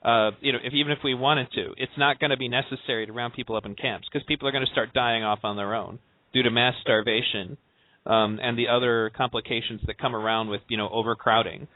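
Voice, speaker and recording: A man's voice: mid-range voice, fairly even intonation, quick pace, dry recording. A man hosting a podcast conversation, talking casually with a sarcastic edge and lots of "um" and "you know". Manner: sarcastic, many fillers. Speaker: podcast host. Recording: tinny phone-line call.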